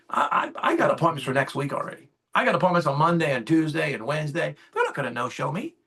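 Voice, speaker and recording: A man's voice: fairly high pitch, big pitch swings, fast, fairly bright tone, breathy edge. A man in his fifties, an insurance sales agent, talking on a call. He gets fired up and acts out both sides of his client calls. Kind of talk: casual call talk. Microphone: call audio.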